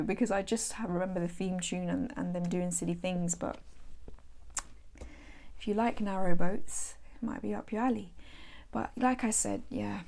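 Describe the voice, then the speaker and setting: A woman's voice: fairly low pitch, fairly even intonation, moderate pace, creaky, darkish tone. A British woman hosting a tarot channel, chatting casually about her decks in a rambling way, with self-mocking asides. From England.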